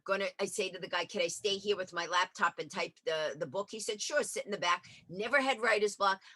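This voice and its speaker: An energetic woman guest tells her stories in a lively interview chat, acting out each bit of dialogue. Her voice is bright and forceful with a husky edge. The recording is dry and close. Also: lowish voice, no room sound. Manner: energetic storyteller, acts out dialogue.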